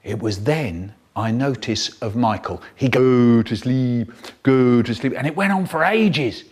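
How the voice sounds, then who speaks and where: A man's voice: medium pitch, expressive, a little slow, slightly rough. A man telling comic stories in spliced bits, jumping between the voices of family members. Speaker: storyteller.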